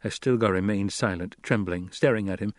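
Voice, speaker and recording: A man reading scripted audiobook narration in a measured, even storytelling manner. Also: fairly low pitch, no echo.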